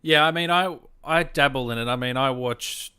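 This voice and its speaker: A man hosting a remote interview, eager and quick with short reactions. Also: medium pitch, sharp tone, clean tone. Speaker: host. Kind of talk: casual interview chat. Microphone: video call.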